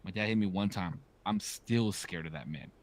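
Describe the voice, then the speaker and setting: He's a podcast host in his thirties whose low voice moves at a normal speed. In casual chat, he tells stories animatedly, voicing quoted lines himself.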